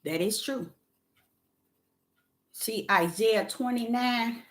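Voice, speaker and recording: A middle-aged woman, telling a workplace story in a casual, animated vlog with loud acted-out quotes. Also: a little high, slow. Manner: animated, exclaiming, acts out quotes loudly.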